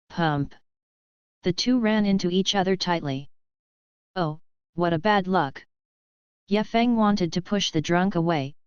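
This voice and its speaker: A woman narrates an audiobook in an even, steady read. Her voice is low and very clear, set in a dry, close space, and the recording sounds slightly dull and muffled. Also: no room sound. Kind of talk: scripted narration.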